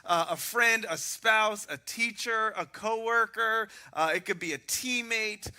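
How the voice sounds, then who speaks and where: A man preaching a sermon as pastor, telling animated stories with self-mocking humor. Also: high-pitched, measured pace.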